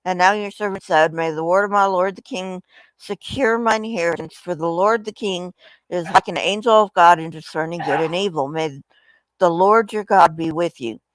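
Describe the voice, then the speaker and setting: A woman reading aloud the words of a humble widow pleading before a king, in her own fairly low voice. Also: moderate pace, no room sound, lightly acted, low-quality recording.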